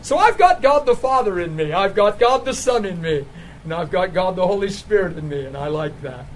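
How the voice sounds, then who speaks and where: A man preaching a sermon, telling a healing story with laughter and sudden excited jumps in his voice. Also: fairly quick, a little hiss or hum, rough recording. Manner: animated storytelling, laughing, voice jumping high when excited.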